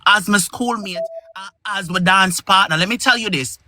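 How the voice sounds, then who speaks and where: A Jamaican woman talking fast and emphatically in a heated live chat, pleading and defending a friend. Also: medium pitch, bright, forceful tone.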